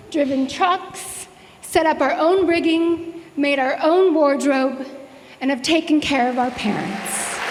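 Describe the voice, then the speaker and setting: A woman's voice: high voice, big-room sound, slight background noise. A woman presenting an award at a ceremony, introducing the honoree with admiring, ceremonial words.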